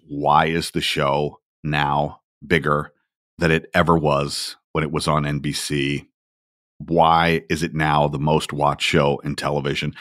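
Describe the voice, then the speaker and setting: A man hosting a podcast, talking casually in an unhurried, reflective storytelling way. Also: a bass voice, a bit bright, dry recording, studio quality. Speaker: podcast host.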